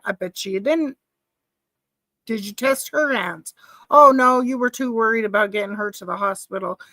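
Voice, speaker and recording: A woman with a high voice talks straight into the mic of a home stream setup, and the sound is close and dry. Her commentary is casual, emotional and repetitive, full of rhetorical questions. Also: a bit bright, no room sound. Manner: emotional, informal, repeats herself, asks rhetorical questions. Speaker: live-stream host commenting on a trial.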